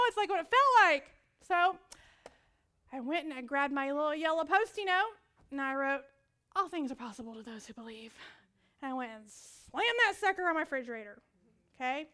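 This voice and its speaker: A woman preaching a sermon, telling a personal story with lively audience prompts and frequent laughter. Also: high voice, normal speed. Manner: laughs often.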